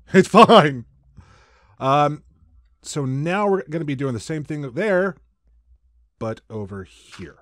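A man's voice: medium pitch, dry recording. A man hosting a Let's Play, chatting casually through his building and making silly sound effects. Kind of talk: casual gameplay commentary.

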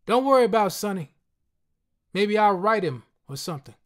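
A man's voice: high-pitched, expressive, normal speed, voice pushed up. A man reading a short story aloud, voicing a jittery young man, a streetwise former drug user who talks in loose street speech. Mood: wheedling. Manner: street-talking, wheedling.

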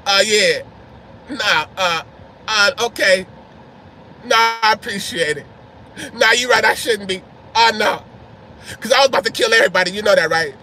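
A hot-headed warrior king talks in loose, casual slang, quick to brag and quick to back down, as a preacher acts him out. His voice is bright and fairly high. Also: slight background noise. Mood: boastful. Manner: casual, boastful slang, easily sheepish. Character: proud hot-headed warrior king, swaggering then meek.

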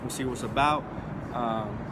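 A man's voice: medium pitch, measured pace. A young man chatting casually in a friend's vlog, laid-back and swearing in slangy talk. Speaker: vlogger's friend. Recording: loud background noise.

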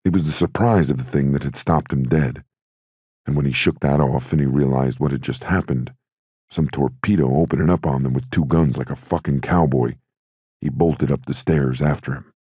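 A man narrates an audiobook in a very deep, husky voice. His delivery is steady and gritty, and the sound is dry and close. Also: normal speed, no room sound. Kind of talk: scripted narration.

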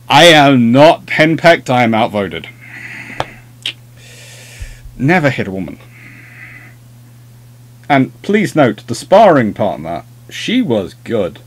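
A man's voice: medium pitch, big pitch swings, unhurried, fairly bright tone. Chatty man rambling through anecdotes. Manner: chatty, rambling anecdotes, self-deprecating humour. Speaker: host of a naval history livestream. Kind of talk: casual livestream chat.

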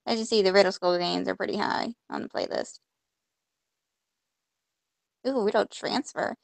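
A woman's voice: mid-range voice, steady tone, moderate pace, gravelly, no room sound. A woman playing a point-and-click game, reading the on-screen text aloud and reacting with mock frustration as she goes. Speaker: gamer. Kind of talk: casual let's-play commentary.

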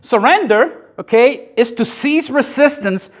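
Preaching in a church sanctuary, this man's very high-pitched, expressive voice carries a conversational, emphatic sermon. He adds self-deprecating remarks and pauses so the congregation can say amen.

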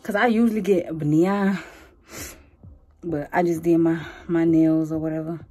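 A woman's voice: deep voice, steady tone, moderate pace, dark tone. Woman vlogger, chatty and direct with viewers, filmed on a phone outdoors with music over it. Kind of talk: casual vlog chat. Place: outdoors walking on a windy street.

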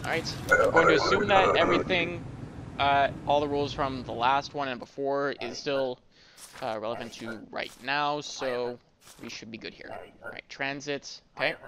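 A man's voice: medium pitch, normal speed, very noisy. Joking man doing game commentary. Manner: joking, stammers and repeats words. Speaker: gamer playing a border-inspector game. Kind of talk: casual gameplay commentary. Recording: background game music.

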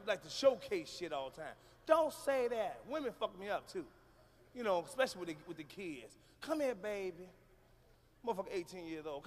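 High-pitched profane man doing stand-up. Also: slight background noise. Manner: loud, profane, shouting punchlines. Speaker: stand-up comedian. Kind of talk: stand-up comedy routine. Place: large concert hall with audience. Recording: live hall recording with reverb.

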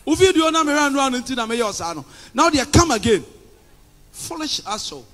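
A male pastor with a Ghanaian accent preaching a combative sermon, shouting and sliding into sing-song phrases. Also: extremely high pitch, very animated, fast. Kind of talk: fiery sermon.

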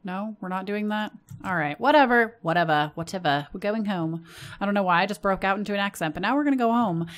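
Talking fast at a medium pitch, an American woman hosts a gaming channel with relaxed let's-play commentary in an everyday voice. She speaks straight to her game characters and breaks into sudden bursts of excitement.

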